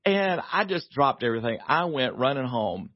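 A man, a guest author on a radio talk show, telling a family story in a lively way, laughing often and acting out the voices. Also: medium pitch, moderate pace, no room sound, dull audio.

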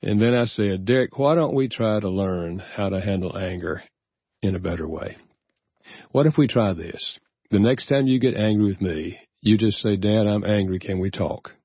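Brief: older male guest, earnest reflective storyteller, low voice, dull dry studio sound. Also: normal speed, breathy edge, dry recording. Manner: earnest, reflective, easy chuckles. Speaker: guest author. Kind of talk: personal storytelling in a radio interview.

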